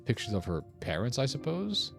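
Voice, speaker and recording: A man's voice: mid-range voice, huge pitch swings, moderate pace, creaky, over music. A young man streaming a puzzle game, thinking aloud as he works through its clues. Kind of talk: casual gameplay commentary.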